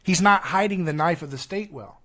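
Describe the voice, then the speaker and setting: A man, a guest on a podcast, talking in an animated, self-mocking casual chat. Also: sits high, normal speed.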